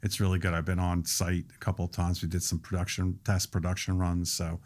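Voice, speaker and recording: This podcast interview guest, a restaurant owner in his sixties, speaks in a low voice and a little fast. He goes into long, steady explanations full of detail.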